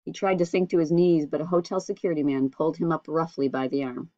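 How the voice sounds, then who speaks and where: A woman reading a storybook aloud in a steady, measured way. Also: low voice, no echo, highs cut off. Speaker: audiobook reader. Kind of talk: storybook narration.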